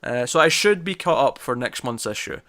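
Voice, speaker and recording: A young man hosts a relaxed podcast chat with a bright, ringing voice. He rambles, repeats himself and mocks his own slips. His pitch is mid-range for a man. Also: moderate pace. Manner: self-mocking, rambling, stumbles over words. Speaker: podcast host. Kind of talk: casual chat.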